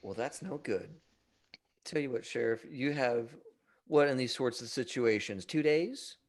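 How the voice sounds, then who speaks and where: A man's voice: medium pitch, unhurried. A man playing in a tabletop game, chatting casually in a drawling, folksy way. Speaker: player.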